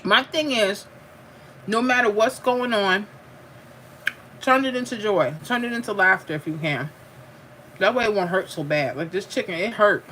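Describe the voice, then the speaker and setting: A middle-aged woman who talks easily and laughs often, drawling "honey" and "y'all" as she chats with viewers. Her voice sits at an ordinary pitch. It is a phone recording in a home kitchen with faint room noise behind her. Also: normal speed, long pauses, sharp tone. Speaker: livestream host. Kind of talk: casual livestream chat while eating.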